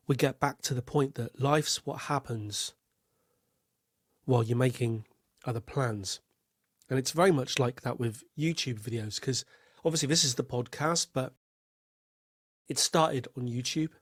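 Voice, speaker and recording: A man's voice: medium pitch, normal speed, long pauses, no echo, studio quality. A man hosting a solo podcast, telling rambling wry stories and acting out quotes. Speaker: podcast host.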